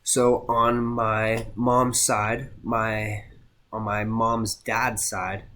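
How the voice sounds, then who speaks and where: A young man giving a casual class presentation, halting with many fillers and restarts. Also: lowish voice, flat delivery, bright, forceful tone. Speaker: student presenter.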